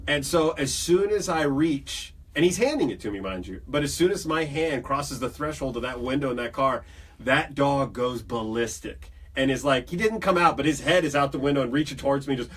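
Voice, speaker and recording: A man hosts a casual podcast, spinning jokey stories with plenty of energy. His voice is husky. It sounds a bit distant from the microphone. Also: mid-range voice, a little fast. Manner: animated storyteller, jokey. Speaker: podcast host. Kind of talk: casual chat.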